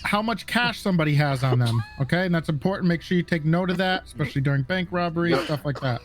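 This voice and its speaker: High-voiced man instructing police recruits. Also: quick pace. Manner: casual, repeats "okay" and "right" to check understanding. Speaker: police academy instructor in a roleplay server. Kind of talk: instructing recruits during game roleplay.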